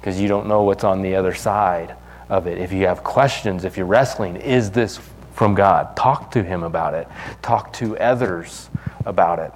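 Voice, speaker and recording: Conversational pastor in a reverberant hall. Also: male voice, deep voice, normal speed. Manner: casual, conversational, many fillers and restarts. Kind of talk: sermon.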